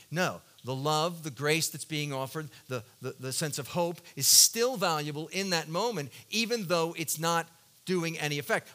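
Bright, earnest preaching man. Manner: earnest, confessional storytelling; swings between loud emphatic bursts and soft low passages. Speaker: pastor. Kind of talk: sermon.

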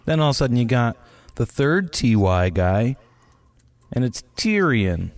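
A man's voice: mid-range voice, animated, moderate pace, a little mellow, dry recording. A man co-hosting a podcast in loose, laid-back casual chat, laughing often and swearing freely. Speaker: podcast co-host.

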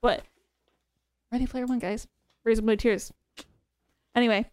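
A young woman co-hosting a podcast, chatting excitedly about books with lots of "um" and "like". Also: on the high side, normal speed, clear, resonant tone, dry recording. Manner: chatty, excitable, many fillers like "um" and "like". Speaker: podcast co-host. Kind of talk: casual chat about books.

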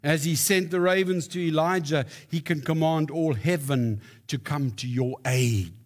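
A man's voice: fairly high pitch, a little slow. A man preaching a sermon, telling stories with emphatic rises. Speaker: pastor.

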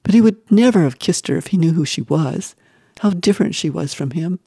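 A woman's voice: fairly low pitch, creaky, slightly rough, no echo. Woman narrating a story, dry close sound. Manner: measured, expressive reading with whispered asides. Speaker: audiobook narrator. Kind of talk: scripted narration.

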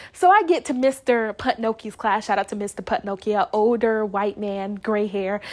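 A young woman vlogger telling a story casually, animated, acting out quoted lines and laughing often. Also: a little high.

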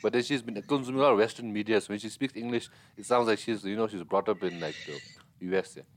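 A man's voice: lowish voice, fast. A man hosting a casual chat, asking curious, teasing questions. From Bhutan.

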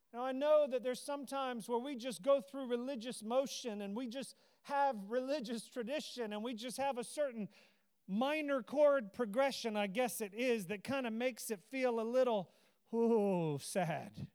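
High-voiced, earnest male preacher. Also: clean tone. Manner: impassioned, earnest preaching with rising emotional cries. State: teary. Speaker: pastor. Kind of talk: sermon.

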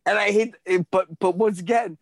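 A man co-hosting a podcast, chatting casually, loud and profane, often shouting. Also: sits high, moderate pace, no room sound. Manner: loud, swearing, laughing, prone to shouting. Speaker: podcast co-host.

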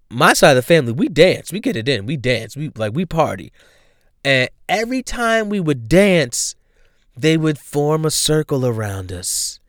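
Animated man telling a funny story. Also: on the high side, smooth, dry recording, studio quality. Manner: animated, laughs often, slangy and profane. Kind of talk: casual comedic storytelling.

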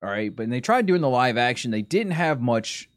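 A man's voice: mid-range voice, sing-song, fairly quick, dry recording, studio quality. A man streaming a casual chat, rambling and often sidetracked, interrupting himself as he talks.

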